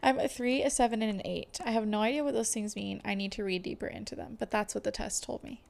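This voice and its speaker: A woman's voice: mid-range voice, steady tone, quick pace, gravelly, darkish tone. A woman in her twenties co-hosting a podcast, chatting casually and emotionally with many fillers. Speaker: podcast co-host. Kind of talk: casual chat.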